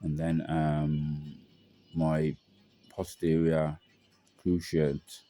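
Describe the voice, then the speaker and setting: Young man, deep and very dark, rambling slangy storyteller. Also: little pitch movement, extremely slow, no echo. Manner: rambling, slangy, many fillers. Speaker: vlogger. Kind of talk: casual personal storytelling.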